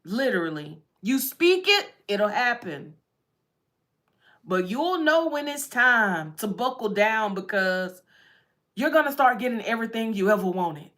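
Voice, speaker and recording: Slow-talking woman tarot reader. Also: fairly high pitch, sing-song, fairly bright tone. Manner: repetitive, chatty, laughs often. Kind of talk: casual spiritual reading.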